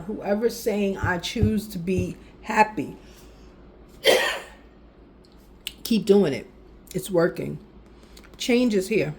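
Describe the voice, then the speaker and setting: A woman giving a casual tarot reading, animated and speaking directly to the viewer with frequent affirmations. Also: mid-range voice, slight background noise. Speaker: tarot reader.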